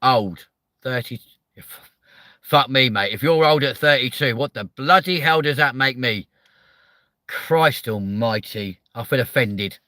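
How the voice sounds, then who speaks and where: A man, hosting a live chat show with loud, sweary, joking banter. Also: medium pitch, measured pace, dry recording. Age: 30s.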